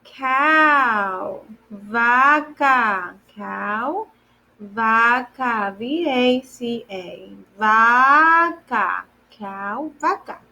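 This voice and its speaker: A woman gives a children's lesson at an unhurried pace, with a voice sitting a little above the usual range. She repeats every word and spells it out letter by letter. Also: fairly high pitch, lively intonation, vocal fry, pushed and bright. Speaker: day camp Spanish teacher. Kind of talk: slow, patient lesson for children.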